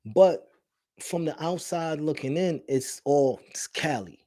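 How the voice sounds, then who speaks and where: A man with a New York accent and a fairly high voice talks in loose, casual chat on a podcast. He tells stories with energy and jumps into the voices of the people he quotes. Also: slow pace. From Brooklyn, New York. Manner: animated storyteller, acts out quoted voices. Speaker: podcast co-host.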